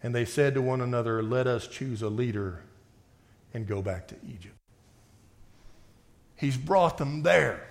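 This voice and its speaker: A man preaching a sermon and reading scripture aloud, swinging between forceful outbursts and quiet reading. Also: medium pitch, unhurried, creaky, long pauses. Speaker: pastor.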